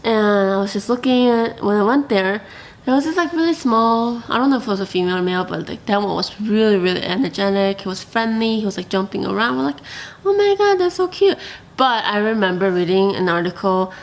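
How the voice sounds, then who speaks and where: A woman vlogger telling a personal story to the camera in a chatty, animated way, full of fillers and quoted asides. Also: mid-range voice, a little fast.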